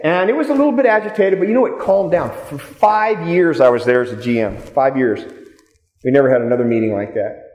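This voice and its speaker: A man gives a seminar talk to a live audience in a meeting room, his mid-range voice lively, fairly quick, and a little mellow. He speaks directly and tells stories, repeating key points for emphasis. The hall is echoey, and he sometimes drifts off-mic.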